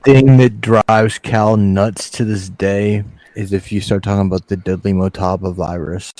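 A man telling an animated story in casual chat. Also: lowish voice, measured pace, no room sound, rough recording.

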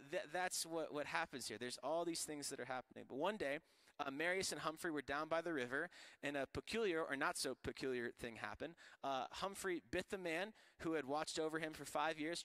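A man's voice: a little high, sharp tone, dry recording. A man from Florida preaching a sermon in a casual, joking way full of slang. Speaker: pastor.

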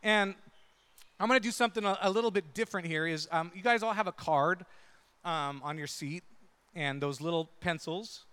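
A man's voice: sits high, normal speed, bright, forceful tone, smooth, big-room sound. A man preaching a conversational sermon, often checking in with the congregation. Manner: conversational, asks the crowd "right?" often. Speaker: pastor.

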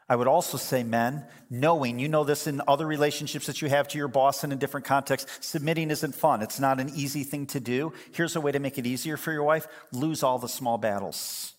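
A man's voice: mid-range voice, a little fast. Older male pastor, conversational and wry, preaching in a church with long hall reverb. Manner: conversational, humorous storytelling. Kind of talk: sermon.

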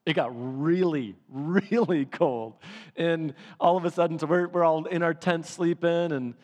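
A man preaching a sermon, telling a story with laughs and lively energy. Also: fairly high pitch, unhurried. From Michigan. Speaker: pastor. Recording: long hall reverb.

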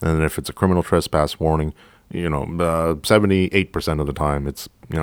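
A man hosting a podcast, a police officer telling a story from the job in a profane, animated way, acting out both sides of the dialogue. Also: very deep voice, fairly quick, smooth, no echo. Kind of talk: storytelling monologue.

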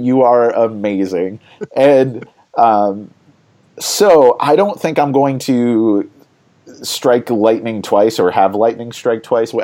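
A man's voice: on the low side, warm tone. A man hosting a board game podcast, chatting casually and rambling with many fillers and laughs.

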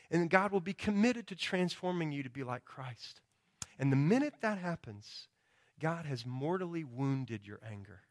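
A pastor preaching with an emphatic, questioning rhythm and a fairly high voice for a man. He keeps asking his listeners "right?" and acts out quoted prayers and excuses in a higher tone. A chesty cough shows through now and then. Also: expressive, moderate pace. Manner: emphatic, rhetorical, often asks "right?"; acts out quoted confessions in a raised pitch. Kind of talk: sermon.

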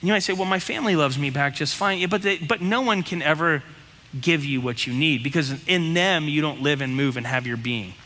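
A man's voice: fairly high pitch, brisk, bright, forceful tone, in a large hall. A man preaching a sermon as pastor, talking bluntly and conversationally, with lots of rhetorical questions.

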